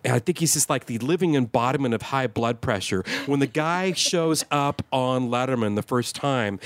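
A man's voice: mid-range voice, normal speed, few pauses, no room sound. A man co-hosting a podcast, chatting casually in a rambling way with lots of fillers and restarts. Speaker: podcast co-host. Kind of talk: casual chat.

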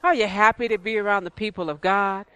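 Woman church speaker, bright tone, chatty sermon delivery. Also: medium pitch, steady tone, brisk, smooth, no room sound. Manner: conversational preaching, repetitive.

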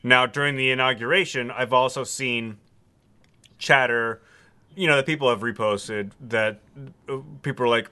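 Man, podcast co-host, casual chat, wry, halting, bright tone, crisp. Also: medium pitch, fairly even intonation.

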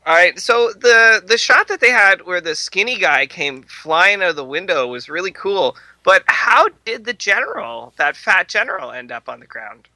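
Male podcast host, crude jokey movie chat, very bright voice, dry close sound. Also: high-pitched, lively intonation, normal speed, few pauses, no room sound, low-quality recording. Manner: joking, crude, laughs often. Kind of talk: casual movie review chat.

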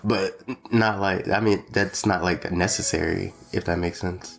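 A man talking casually with his partner, halting and hedging, laughing often. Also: low-pitched, steady tone, gravelly, soft background music. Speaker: co-host, father. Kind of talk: casual conversation.

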